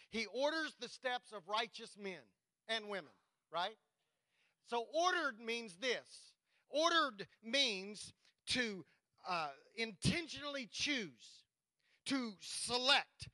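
A man preaches a sermon in a high, ringing voice. He slows right down to read scripture with weight, then speaks plainly and directly to his congregation. The sound is close and dry, with no room echo. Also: bright, forceful tone. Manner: preaching, reads scripture slowly and emphatically, talks directly to the congregation. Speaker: pastor.

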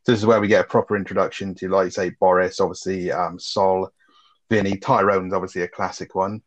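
A man's voice: low-pitched, little pitch movement, fast talker. A man co-hosting a casual film review, bantering and swearing freely as he recaps scenes. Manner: swears freely, bantering, quotes lines with a laugh. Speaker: podcast co-host. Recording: muffled lo-fi sound.

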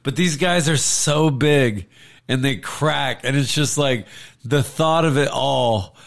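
A man's voice: medium pitch, slow, creaky. Laid-back, profane man chatting. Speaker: podcast co-host. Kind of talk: casual chat about fighting.

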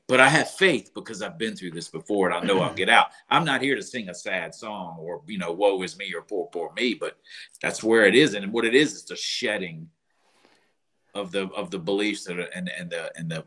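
Low, bright-toned man sharing candidly. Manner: halting and candid, with repeated false starts. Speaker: podcast guest.

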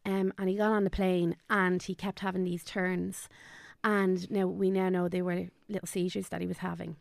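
A woman's voice: lowish voice, level tone, brisk, creaky, darkish tone, no room sound, studio quality. An Irish woman in her thirties, a podcast guest telling a personal family story candidly, acting out what people said. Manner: candid, tells it with quoted dialogue.

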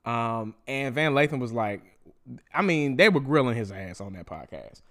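A young man hosting a solo podcast, ranting in a profane, animated way and mocking people in quoted voices. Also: mid-range voice, moderate pace. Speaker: podcast host.

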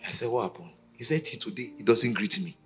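A man preaching a sermon at a conference, telling stories and acting out the quotes, from shouting to near whispers. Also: fairly low pitch, quick pace. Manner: dramatic storytelling, acting out quotes, swinging from shouts to hushed lines. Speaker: pastor. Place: conference stage.

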